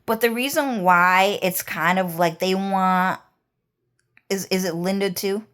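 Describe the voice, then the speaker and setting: A woman's voice: mid-range voice, unhurried, a bit bright. A woman talking in a rambling, repetitive monologue, casual and peppered with swearing. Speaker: vlogger.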